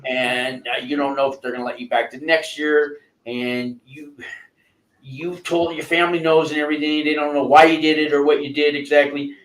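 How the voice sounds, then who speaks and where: A man hosting a casual chat, giving rambling advice with many halting restarts and fillers. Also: fairly high pitch, little pitch movement, roomy sound, low-quality recording. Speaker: host coaching a guest.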